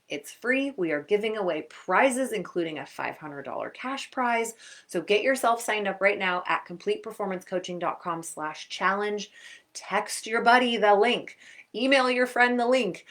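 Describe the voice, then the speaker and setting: Energetic woman sports performance coach. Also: mid-range voice. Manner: energetic, chatty, acts out quotes. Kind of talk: upbeat coaching talk to camera.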